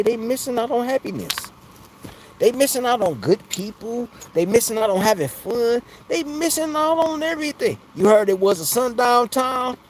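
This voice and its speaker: A man's voice: sits high, slight background noise, rough recording. A man hosting a casual livestream, chatting loosely with viewers and laughing often between jokes. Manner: loose and jokey, laughs often, keeps asking "you know what I'm saying". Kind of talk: casual live chat.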